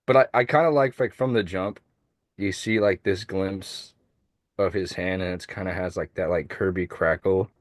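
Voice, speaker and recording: A man with a low, deep voice talks loosely about comics, full of restarts and fillers. His voice is dry and close, with no room sound, and it comes over a shaky remote call. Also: fairly even intonation, moderate pace, no echo. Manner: rambling, many fillers and restarts. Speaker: podcast co-host. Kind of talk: casual chat about comics. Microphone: remote call over shaky internet.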